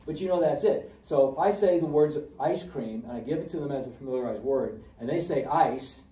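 A man giving a conversational audiology lecture, full of fillers and restarts, who gets animated when he acts out patients. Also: medium pitch, brisk, few pauses, roomy sound, far from the mic, low-quality recording. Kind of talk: recorded classroom lecture.

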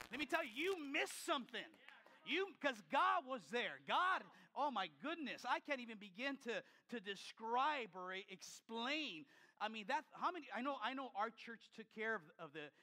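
High, bright-voiced older male pastor preaching. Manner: emphatic, repetitive preaching with many restarts. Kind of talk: sermon.

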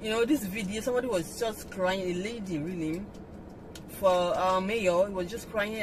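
A woman's voice: medium pitch, moderate pace. A woman hosting an entertainment news vlog, talking casually and musing aloud with rhetorical questions. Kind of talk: casual chatty commentary. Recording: noisy background hiss.

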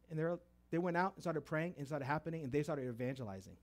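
A man's voice: on the high side, fast talker. A man preaching a testimony sermon, telling stories animatedly and acting out voices in quoted dialogue. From Texas.

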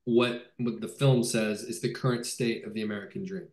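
A man's voice: lowish voice, fairly even intonation, moderate pace, a little mellow. A male film director in a casual video-call interview, talking enthusiastically with many fillers and restarts. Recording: roomy echo.

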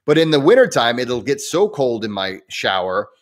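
A man's voice: medium pitch, big pitch swings, normal speed. Chatty man rambling casually. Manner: rambling, chatty, many restarts and fillers. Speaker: breathwork teacher hosting a live Q&A. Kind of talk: casual live-stream chat.

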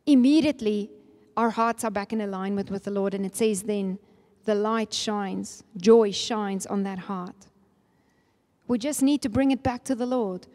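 A woman preacher delivers an earnest, emphatic sermon. Her voice sits somewhat high and jumps higher on key points. A long reverb trails each phrase through the church hall. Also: darkish tone. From Namibia. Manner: earnest, emphatic with rising spikes.

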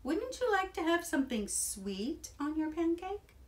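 A woman voicing a patient mother giving calm instructions in a children's storybook reading. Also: extremely high pitch, measured pace, voice pushed up, heavily acted. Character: patient, practical mother guiding her son.

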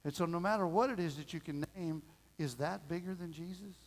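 A middle-aged man preaching a sermon as pastor, telling a family story in a folksy, animated way and acting out the voices. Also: fairly high pitch, a little fast. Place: church sanctuary. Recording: long reverb of a church hall.

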